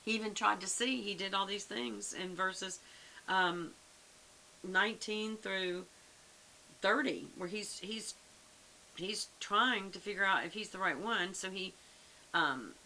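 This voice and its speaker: A woman leads a casual Bible study in a conversational way, musing aloud with lots of fillers. Her medium-pitched voice sounds pushed and bright, and the rough recording carries a faint hiss.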